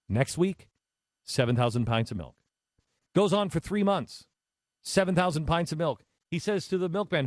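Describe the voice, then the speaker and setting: A man hosting a talk show, telling a long story in a lively, halting way with many restarts. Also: fairly high pitch, no echo, clean studio sound. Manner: animated storyteller with frequent restarts. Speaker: radio show host. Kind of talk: talk radio storytelling monologue.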